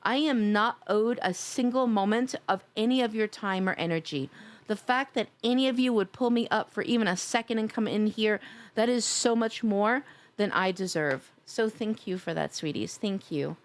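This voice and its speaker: A woman's voice: medium pitch, normal speed. A woman live-streaming, chatting casually with her viewers, gushing and playful as she reads chat aloud.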